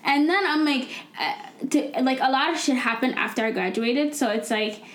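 A young woman co-hosts a casual chat, voice a little high, speaking earnestly in looping, restarting sentences. The room around her rings with noticeable echo. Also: moderate pace, a bit bright. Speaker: podcast co-host.

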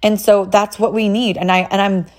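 A woman's voice: medium pitch, moderate pace. A woman from California, a mother, telling personal stories in a casual monologue, chatty and full of "like" fillers. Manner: chatty, frequent "like" fillers, animated retelling with quoted voices.

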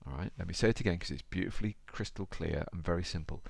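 A man talking straight to his podcast listener in a chatty, easygoing way. His voice sits very low and is rough with fry. The sound is dry and close. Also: fast talker, few pauses, dry recording. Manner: chatty, conversational, addresses the listener directly. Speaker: podcast host. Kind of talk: motivational podcast talk with storybook reading.

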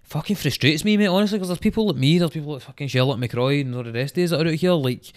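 A young Scottish man, a rapper guest, chatting bluntly and swearing freely on a podcast. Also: fairly high pitch. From Scotland. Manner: blunt, sweary, rapid-fire. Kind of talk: casual podcast chat.

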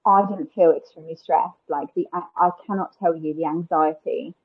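A woman speaks in a lowish, slightly husky voice. She talks casually as a podcast guest, full of "like" and "um". The audio sounds a little muffled and lo-fi. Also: moderate pace. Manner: chatty, frequent "like" and "um" fillers. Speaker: guest, wedding planner.

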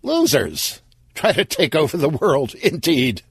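A man's voice: a little high, huge pitch swings, measured pace, vocal fry, breathy edge, dry recording, studio quality, voice pushed up, full character voice. A man voicing a pompous, smug villain king in an audio story, lecturing in tone.

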